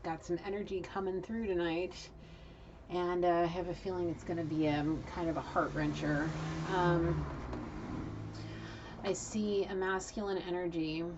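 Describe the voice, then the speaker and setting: A woman's voice: on the low side, steady tone, a little slow, highs cut off, background noise. A woman giving a casual channeled tarot reading, chatty and blunt, swearing freely. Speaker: tarot card reader.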